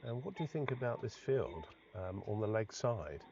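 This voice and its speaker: A man commentating on cricket, easygoing and quietly observational. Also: fairly low pitch, very animated, moderate pace, vocal fry. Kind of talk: live sports commentary. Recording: dull lo-fi stream audio with faint noise.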